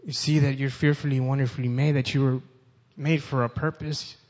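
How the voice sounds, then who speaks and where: A man's voice: medium pitch, little pitch movement, fairly quick, darkish tone. A man preaching a sermon, reading scripture aloud with rising force and speaking directly to his listeners. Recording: dull sound with long reverb.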